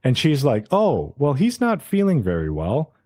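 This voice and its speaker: A man in casual podcast talk, walking through an anime episode scene by scene and slipping into quick character voices along the way. His voice sits at an ordinary middle pitch, recorded close and dry with no room sound. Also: huge pitch swings, a little mellow, dry recording. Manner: retells scenes, briefly putting on the characters' voices. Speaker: podcast co-host. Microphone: podcast mic.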